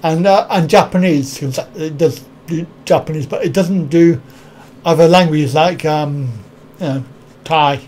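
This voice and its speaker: Man, live stream host, high voice, rambling casual chat, frequent chuckles, reads out comments. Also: unhurried, a little mellow, slight background noise. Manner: rambling, reads viewer comments aloud and answers them; chuckles often.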